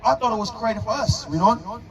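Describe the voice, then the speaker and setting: A man's voice: very high-pitched, fairly quick, low-quality recording. A man preaching on a street corner, firing rhetorical questions with emphatic force. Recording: crowd noise around.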